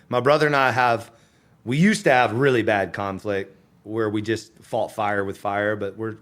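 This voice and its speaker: A man in his thirties, a guest on a podcast, talking casually and acting out quoted lines with laughs. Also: fairly low pitch. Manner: animated, acts out quoted voices with laughs. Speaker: podcast guest, fitness entrepreneur.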